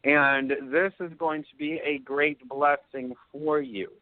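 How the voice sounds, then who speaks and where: This man's voice runs a little high with fairly even intonation. He hosts a call-in radio show and gives soothing psychic readings in drawn-out pronouncements, often checking in with "okay?". The dry sound is that of a phone line.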